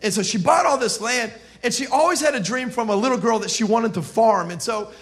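A pastor from South Florida preaching a sermon, telling stories in an animated, joking way and shouting his punchlines. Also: extremely high pitch, fairly quick.

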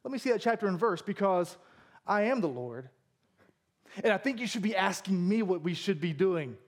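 A man voicing a calm, cheeky grown man who breaks the rules at dinner, in a casual, teasing way. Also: sits high, normal speed.

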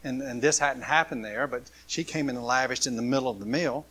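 A man preaching a sermon, swinging from loud, impassioned passages to hushed ones. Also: medium pitch, a little fast, husky. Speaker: pastor.

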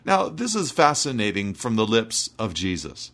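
A man's voice: mid-range voice, very animated, moderate pace, hardly any pauses, a bit bright. A man preaching an earnest, emphatic expository sermon, reading scripture and explaining it.

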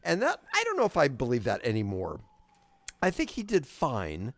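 Male podcast co-host with a lively, gravelly read, chatty and excitable. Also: medium pitch, no echo. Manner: animated, repeats himself, quick interjections. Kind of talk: casual movie chat.

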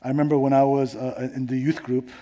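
Male pastor from New York, husky and breathy, animated sermon delivery with loud and hushed swings. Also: mid-range voice, fast talker. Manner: animated preaching, swinging between loud emphasis and hushed tones. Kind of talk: sermon with personal story.

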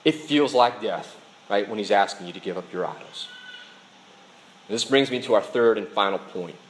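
A man's voice: on the low side, moderate pace, slight background noise, rough recording. A man preaching a sermon, speaking earnestly to his congregation. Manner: earnest preaching, reads a dialogue aloud with voices. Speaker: pastor.

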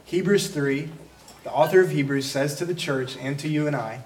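A pastor preaching a conversational sermon, breaking into quick acted asides. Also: male voice, a little high, recorded from a distance, slight background noise.

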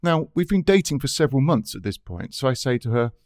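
A man voicing an exasperated bald man who tells an indignant, animated breakup story. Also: medium pitch, fast talker, no echo, studio quality.

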